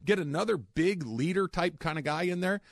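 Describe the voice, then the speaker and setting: A man's voice: sits high, moderate pace, vocal fry, no room sound, clean studio sound. A man in his forties hosting a radio show, chatting casually and often repeating words as he thinks. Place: radio studio. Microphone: studio mic.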